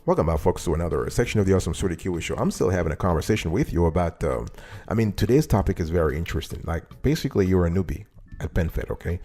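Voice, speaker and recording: Man hosting his own show. Low, warm delivery, talks straight to his audience, repeats points for emphasis. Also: animated, very fast, slightly rough, soft background music. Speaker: host. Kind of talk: casual talk-show monologue.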